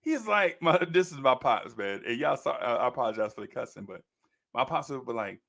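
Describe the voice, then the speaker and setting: A man in his fifties telling stories in a casual chat, animated and slangy, laughing often. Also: medium pitch, brisk, gravelly.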